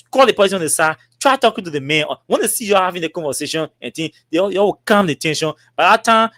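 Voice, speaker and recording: A man's voice: sits high, no echo, clean studio sound. A man with a Liberian English accent, telling a long story and acting out the dialogue with lots of repetition. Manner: animated, acts out dialogue with repetitions. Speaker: talk show host. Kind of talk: storytelling monologue.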